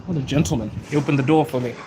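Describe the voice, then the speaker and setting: A man's voice: medium pitch, racing. Chatty man on a noisy street. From Zimbabwe. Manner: rambling, chatty, laughs often. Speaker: live streamer. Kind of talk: casual live-stream chat with viewers. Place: city street outdoors. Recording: outdoor traffic noise.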